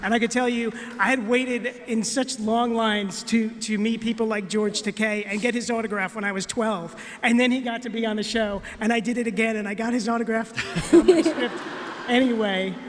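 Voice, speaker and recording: A man who writes for TV, telling anecdotes on a convention panel in an animated, laughing way. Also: very high voice, moderate pace, a little hiss or hum. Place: large convention hall. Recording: roomy hall reverb.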